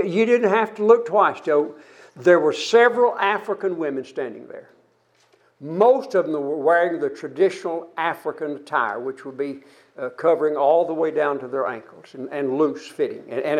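A man in his seventies preaching a sermon to his congregation, earnest and halting, often restarting his words. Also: fairly high pitch. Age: 70s.

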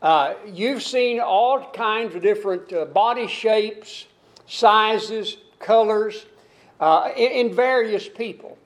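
A man's voice: high voice, slow pace. An older man from the United States preaching a sermon, rambling, repeating and restarting phrases and drawing out key lines.

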